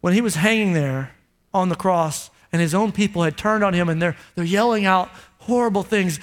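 A man's voice: high-pitched, normal speed. A man pastor preaching a sermon emphatically, asking the congregation rhetorical questions.

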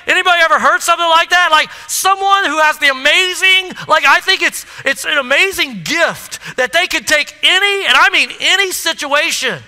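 Bright-voiced preacher telling a story. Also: male voice, very high-pitched. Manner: animated storytelling, addresses the crowd. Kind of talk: sermon. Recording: echoey hall.

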